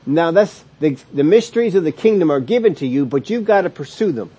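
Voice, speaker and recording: A man teaching a sermon series on scripture, explaining word meanings emphatically, stretching key words slowly and chuckling between points. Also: a little high, lively intonation, warm tone, slightly rough, muffled recording. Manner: explanatory, emphatic, with slow drawn-out stresses on key words and frequent restarts. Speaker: Bible teacher.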